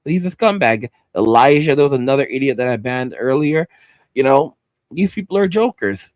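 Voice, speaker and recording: A man's voice: medium pitch, animated, moderate pace, no echo, lo-fi sound. A man rants to his livestream audience in a mid-range voice, circling back over the same phrases and tripping on his words. The sound is dry and close, with no room around him. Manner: heated, repetitive, stumbling over words. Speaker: livestream host. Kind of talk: ranting livestream commentary.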